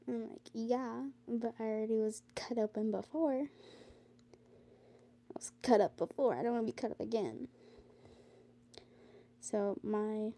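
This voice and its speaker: A woman's voice: medium pitch, dark tone. A teenage girl talking to her phone, tired and rambling with lots of fillers, sometimes ranting in exasperation. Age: teens. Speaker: vlogger. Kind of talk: casual talk to camera.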